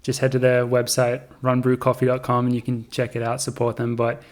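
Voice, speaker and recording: A young man hosting a casual podcast chat, relaxed and rambling. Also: mid-range voice, a little fast. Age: young adult. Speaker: podcast host.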